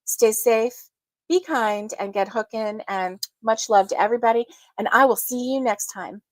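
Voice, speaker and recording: A woman hosting a casual crochet livestream, chatting with viewers, giggling often and filling pauses with ums. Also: fairly high pitch, dry recording. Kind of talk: casual live chat with viewers.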